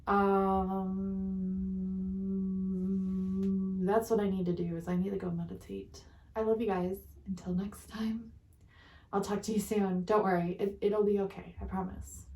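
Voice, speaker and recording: A woman's voice: mid-range voice, level tone, slow, long pauses, mellow. Tired, rambling woman in an echoey room. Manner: rambling, giggly, self-mocking. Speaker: channeled-message reader. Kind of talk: casual rambling chat to viewers. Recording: roomy echo, distant from mic.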